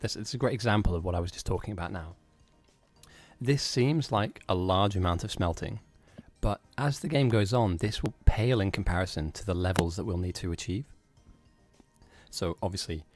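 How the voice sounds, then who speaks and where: A man's voice: low voice, darkish tone, dry recording. A man casually commentating a strategy game match, explaining the build and laughing easily with his co-commentator.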